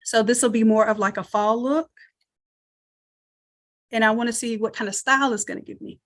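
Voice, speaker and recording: A woman's voice: a little high, fairly even intonation, normal speed, fairly bright tone. Chatty woman teaching a live design class. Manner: chatty, thinks aloud while working. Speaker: online design instructor. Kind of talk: live screen-share tutorial.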